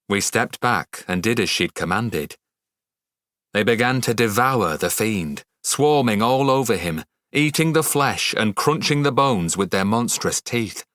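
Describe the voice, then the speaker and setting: A man narrating a first-person fantasy audiobook in a measured, dramatic way. His voice sits on the low side. The recording is dry and close-miked. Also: a bit bright, dry recording.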